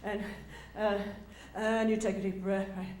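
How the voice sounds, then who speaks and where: A woman's voice: medium pitch, unhurried. Older woman telling stories, echoey room. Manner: animated, laughing, acts out quotes, many fillers and restarts. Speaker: speaker recounting memories. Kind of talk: casual storytelling talk.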